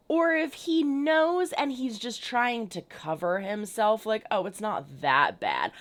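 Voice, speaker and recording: A woman chatting casually as a reaction video host, recapping an episode in an emphatic way and now and then slipping into mocking voices. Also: fairly high pitch. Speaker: reaction youtuber.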